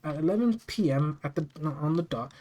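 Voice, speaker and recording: Horror story narrator, first-person, steady plain reading, mid pitch. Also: normal speed, poor audio.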